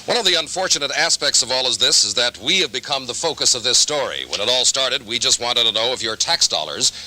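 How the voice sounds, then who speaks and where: A man reporting TV news in a measured, indignant tone. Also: mid-range voice, animated, sharp tone, poor audio.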